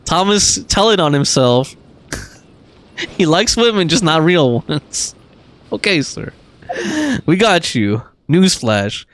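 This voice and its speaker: A man's voice: on the high side, big pitch swings, slow pace, pauses often, a bit bright. A man streaming a game, chatting casually and reading viewer messages aloud, with frequent laughs and fillers. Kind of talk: casual gaming livestream chat.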